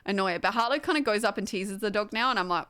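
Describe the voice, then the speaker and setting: A woman's voice: medium pitch, rapid-fire, sharp tone, clear, resonant tone. A young woman, livestreaming and chatting casually with her viewers, rambling with lots of fillers and laughter. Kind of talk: casual chat with stream chat.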